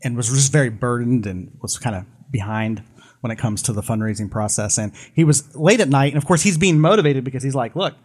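A man's voice: medium pitch, brisk, darkish tone. A man co-hosting a live podcast, telling a long story with many restarts and asides. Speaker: podcast co-host.

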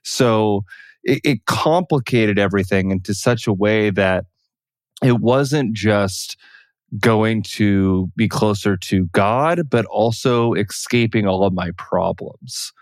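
Man, podcast guest, earnest, steady, lowish voice, dry studio mic. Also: slow pace, no echo. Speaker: guest, therapist and author. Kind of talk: interview answers. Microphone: good podcast microphone.

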